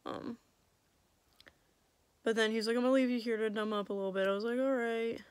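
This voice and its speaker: A woman's voice: a little high, fairly even intonation, a little fast, clear, resonant tone, no echo. A young woman vlogger telling a story in a casual, chatty way, laughing often and quoting her own thoughts. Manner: chatty, self-mocking, laughs often, quotes herself.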